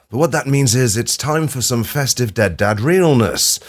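A man hosting a podcast, delivering a dry, self-mocking comic monologue with sudden loud outbursts. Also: mid-range voice, expressive, a little slow. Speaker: podcast host. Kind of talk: comedic monologue.

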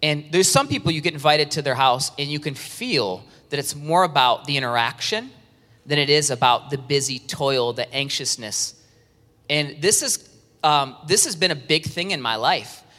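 A man preaching an animated sermon, acting out worried churchgoers in a high, strained voice. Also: normal speed. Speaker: pastor. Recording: reverberant hall sound.

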